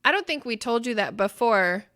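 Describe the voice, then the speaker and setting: A woman co-hosting a podcast, telling stories in an animated way and breaking into loud laughter. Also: a little high, moderate pace. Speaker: podcast co-host. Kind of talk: casual podcast chat.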